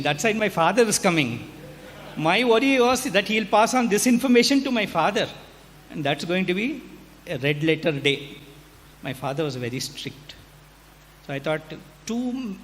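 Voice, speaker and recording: A high-pitched man tells a personal story to an audience, playful and lively, slipping into the voices of the people in it. His voice rings out through a large hall with a long reverb, with a faint hiss underneath. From India. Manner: animated, humorous, acts out dialogue. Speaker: hostel warden giving an address. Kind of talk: anecdotal storytelling speech.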